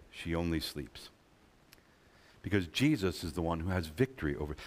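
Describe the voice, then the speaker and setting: Low-voiced man preaching in a reverberant hall. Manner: emphatic, repeats key phrases, voices the gospel characters. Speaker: guest preacher. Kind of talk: sermon. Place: church sanctuary.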